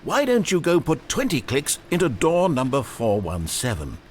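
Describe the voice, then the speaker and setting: A disembodied game narrator who coaxes the player along with theatrical flourish. The voice sits high and swings widely in pitch, grandly encouraging and faintly manipulative. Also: male voice, huge pitch swings, normal speed, a little hiss or hum. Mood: coaxing. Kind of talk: video game voice acting.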